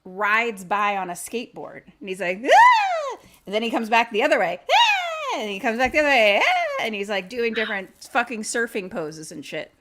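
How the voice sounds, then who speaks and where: A woman's voice: medium pitch, fairly quick, few pauses, slight background noise. A woman podcast host casually retelling a horror film for a live audience, swearing freely and acting out scenes. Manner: animated, profane, acts out the scenes.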